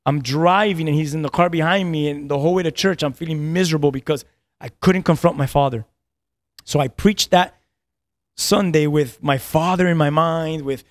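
A pastor in his thirties, his voice fairly high and his pace fairly quick, relates a personal story on a podcast with no echo. He is earnest, keeps repeating his words, and laughs between lines.

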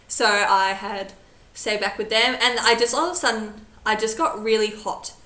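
A woman's voice: mid-range voice, normal speed, reverberant, poor audio. A young woman, a teacher and podcast co-host, chatting casually and acting out the people in her stories. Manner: animated storyteller, acts out quoted voices. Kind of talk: casual chat.

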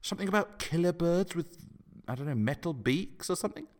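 A man's voice: fairly high pitch, lively intonation, a little fast. A man performing a scripted comedy sketch in a flustered, stammering way. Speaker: comedy podcast regular.

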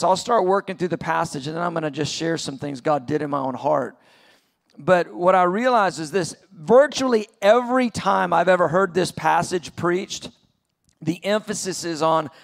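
Middle-aged male preacher, gravelly, earnest conference sermon. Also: sits high. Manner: earnest, builds to impassioned peaks. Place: large venue, conference session.

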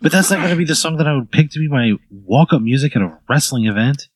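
A man's voice: on the high side, animated, fast, dry recording. A man hosting a podcast, reacting with incredulous, exasperated swearing. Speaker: podcast host. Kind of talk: casual comedic chat.

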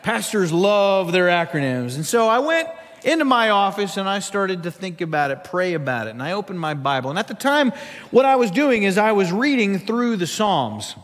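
A male pastor delivers a sermon with a high, animated voice. He tells stories and drops wry jokes along the way. The reverb of a large church hall trails his words. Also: normal speed. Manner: storytelling with humorous asides.

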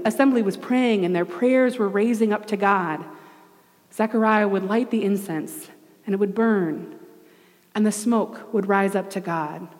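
A fairly high-voiced woman preaching in a loose, conversational manner, with playful asides and animated quotes. Her voice rings out with the long reverb of a large hall. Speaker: pastor. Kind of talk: sermon.

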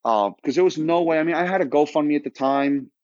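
A man's voice: on the high side, a little fast, a little mellow, dry recording, dull audio. A man in his thirties from Florida, a podcast guest telling his story in a casual, rambling way full of restarts and quoted dialogue. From Florida, United States.

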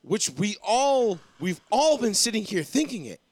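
A young man co-hosting a casual chat show, swearing freely and telling stories with animated energy. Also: sits high, unhurried, no echo. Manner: profane, animated storytelling. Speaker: podcast co-host.

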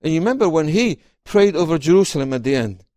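A man, an author and guest, talking about his book in an interview and reading passages aloud, expressive and often repeating words as he starts sentences. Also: on the high side, fast, no echo, studio quality.

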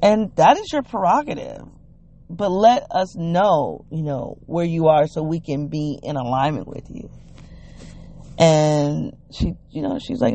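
A vlogger telling a personal family story in a reflective way, retelling what people said in animated quotes, with frequent "you know"s and restarts. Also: medium pitch, a little slow.

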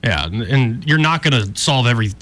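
A man's voice: medium pitch, fairly quick. A man hosting casual political talk, chatty with frequent restarts. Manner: chatty, animated, some verbal restarts. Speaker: talk radio host.

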